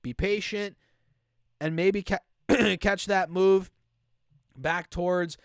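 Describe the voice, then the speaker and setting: A man's voice: sits high, fairly even intonation, slow pace, smooth, no room sound, studio quality. Casual young man with a slight cold. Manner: casual, repeats "right?" and "man", speaks to "guys". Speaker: stock market YouTuber. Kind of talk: casual market commentary over charts.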